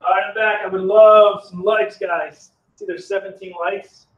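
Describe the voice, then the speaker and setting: Man, casual live-stream brewer, rambling and friendly with chat, slightly high voice, outdoors on phone camera. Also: flat delivery, normal speed, narrow, tinny audio. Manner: chatty, reads chat aloud, rambling. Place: outdoors in the cold.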